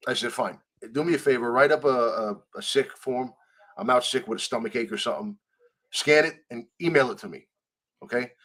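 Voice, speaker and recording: Speaking briskly at a medium pitch, this male interview guest tells an animated story, performing the dialogue of the people he quotes and cursing without restraint.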